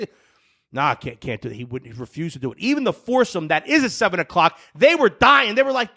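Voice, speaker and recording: A loud man from New Jersey tells a story on a casual podcast. His voice sits high and bright and swings widely in pitch, breaking now and then into shouts. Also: sing-song, fast talker. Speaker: podcast co-host.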